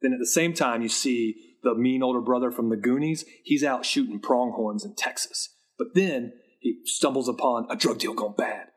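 Husky man giving a jokey recap. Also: medium pitch, normal speed, few pauses. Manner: jokey, rambling, deadpan. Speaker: new guest. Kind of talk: casual podcast film recap.

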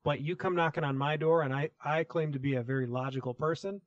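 A man's voice: on the high side, fairly even intonation, fast, no room sound, dull audio. A man co-hosting a casual sports podcast, direct and reasoning step by step. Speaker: podcast co-host.

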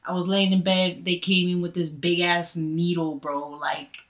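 A young woman, a guest on a chat show, telling a story in a casual, animated way, full of fillers and swearing. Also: on the low side, measured pace. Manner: animated, profane storytelling with lots of "like".

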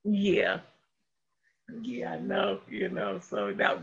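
A woman hosting a casual faith talk, telling family stories in an animated way and laughing often. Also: mid-range voice, slow pace, vocal fry, slightly rough. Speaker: host of a faith livestream. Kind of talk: casual devotional chat. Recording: dull lo-fi sound.

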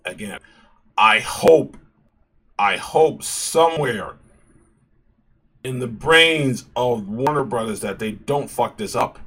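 Man, bright husky voice, passionate casual commentary, repeats himself. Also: mid-range voice, slow pace, long pauses. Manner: passionate, animated, with frequent restarts and repeated phrases. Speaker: YouTube commentary host.

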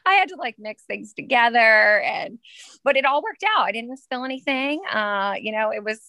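Bright, chatty woman in her thirties. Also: a little high, animated, normal speed, creaky, dry recording. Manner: chatty, many fillers, laughs while telling. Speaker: interview guest, schoolteacher. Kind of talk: casual storytelling.

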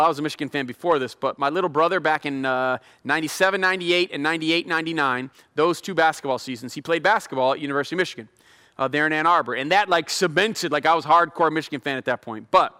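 A man's voice: a little high, sharp tone, clear, resonant tone. A middle-aged male pastor giving a sermon, chatty and self-deprecating, building into fervent prayer. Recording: long hall reverb.

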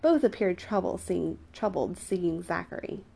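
A woman narrating a novel in an even storytelling manner. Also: on the low side, measured pace, creaky, breathy edge. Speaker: audiobook narrator. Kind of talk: scripted narration.

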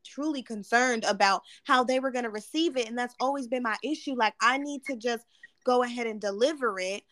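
A woman's voice: fairly high pitch, a little fast, a bit bright, no echo, clean studio sound. A woman talking as a podcast guest, candid and reflective, with casual swearing. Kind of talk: casual chat.

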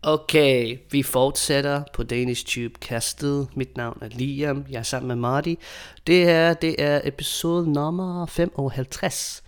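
A man's voice: mid-range voice, steady tone, soft background music. Upbeat curious male podcast host. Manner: upbeat, curious, slows down for learner-friendly phrasing. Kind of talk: casual podcast chat.

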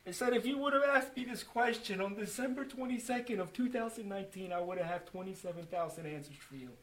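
A man's voice: sits high, fast, fairly bright tone. A man giving an emotional personal testimony to a church group, earnest and full of restarts, acting out his own and others' remarks as he tells the story. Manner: emotional, earnest, with many restarts and quoted dialogue.

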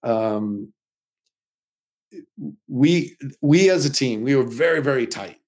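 A middle-aged man, a stuntman guest, telling animated anecdotes in a casual interview and often quoting others. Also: medium pitch, slow. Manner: animated anecdotes with quoted voices.

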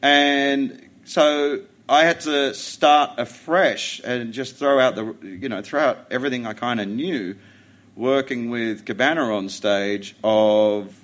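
Middle-aged Australian comic, blunt and profane, animated storyteller, mid-range voice. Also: male voice, mid-range voice. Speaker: comedian guest. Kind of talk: casual podcast chat.

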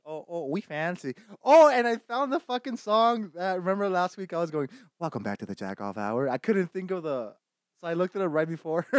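A young man chatting casually on his stream, loud and foul-mouthed, breaking into laughter again and again. His voice sits high for a man, and the sound is dry and close. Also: dry recording. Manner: loud, swearing, laughing often, mocking voices. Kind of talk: profane casual chat.

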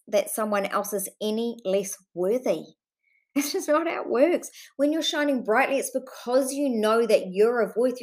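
Impassioned New Zealand woman podcasting solo. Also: medium pitch. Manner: impassioned and earnest, swears freely, addresses listeners fondly. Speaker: podcast host.

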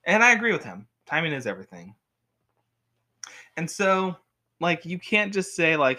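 A young man reviewing a show at home in a rambling, animated way, with frequent restarts. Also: fairly high pitch, normal speed, long pauses. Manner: rambling, animated, with many restarts and acted quotes. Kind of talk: casual talk to camera. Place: home with a cat.

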